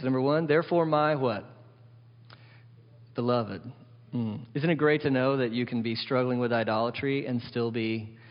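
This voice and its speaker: A male pastor preaching a sermon in a conversational way, asking rhetorical questions and repeating key words for emphasis. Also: mid-range voice. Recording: echoey hall, slightly dull sound.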